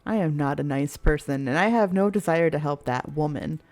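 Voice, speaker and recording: A woman's voice: deep voice, moderate pace, darkish tone, natural voice. A woman voicing a cold, dismissive young man. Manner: curt, cold, mocking. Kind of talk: voiced reading of a visual novel.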